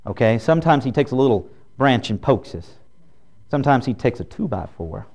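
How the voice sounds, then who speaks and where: A man's voice: medium pitch, animated, a little fast, gravelly, a little mellow. A man preaching a folksy, humorous sermon as a pastor.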